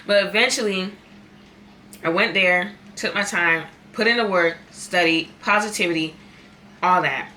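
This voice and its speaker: A woman's voice: lowish voice, measured pace, pushed and bright, a little hiss or hum. A young woman in a casual eating vlog, talking candidly and repeating herself for emphasis. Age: young adult. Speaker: vlogger. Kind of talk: casual chat while eating.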